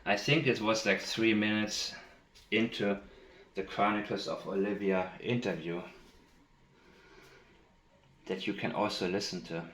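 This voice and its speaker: A man commenting on interview clips, speaking in a deliberate, emphatic way and repeating key phrases. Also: lowish voice, fairly even intonation, fairly bright tone, reverberant, a little hiss or hum. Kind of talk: analytical commentary with played clips.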